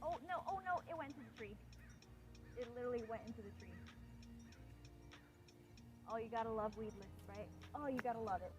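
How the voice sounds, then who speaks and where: A young woman live-streaming herself fishing from a pond shore, chatting playfully to her viewers and getting loudly excited over a big catch. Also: a little high, brisk, long pauses, music in the background. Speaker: fishing vlogger. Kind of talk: casual live-stream chat.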